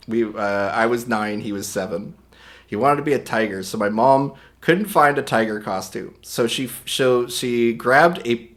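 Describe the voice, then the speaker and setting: A man hosting a livestream, talking casually and rambling with many restarts, his voice a little hoarse today. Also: mid-range voice, a bit bright. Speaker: livestream host. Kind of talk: casual stream chat.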